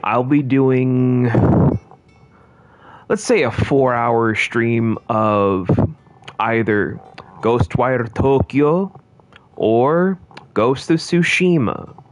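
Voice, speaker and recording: A man's voice: mid-range voice, very slow, long pauses, noisy background. A man streaming a game, chatting casually to viewers in a rambling, jokey way. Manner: rambling and jokey, talking to chat. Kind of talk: casual gaming commentary.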